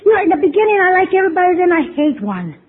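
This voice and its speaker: A woman's voice: very high-pitched, very animated, rapid-fire. A woman telling her personal recovery story to a meeting, candid and self-mocking with wry humor. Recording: tinny phone-like lo-fi recording with faint hiss.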